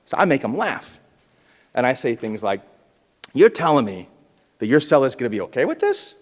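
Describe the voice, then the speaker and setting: An animated man delivers a punchy conference talk, his pitch jumping up and down with energy. The sound comes through a large hall with a long, ringing reverb. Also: brisk. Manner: animated, punchy, with audience call-and-response. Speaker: keynote speaker at a realtors conference. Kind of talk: motivational conference speech.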